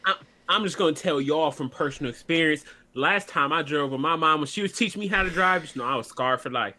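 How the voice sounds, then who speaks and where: A man co-hosting a casual chat, animated and acting out personal stories. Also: a little high, quick pace. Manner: animated, acts out stories with big swings. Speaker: co-host.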